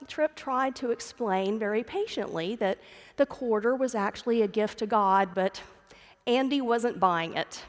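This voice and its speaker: Speaking a little slowly in a rather high voice, a middle-aged woman pastor delivers a sermon in the church sanctuary. She tells a family story and calls her listeners "friends," and the recording carries long church reverb.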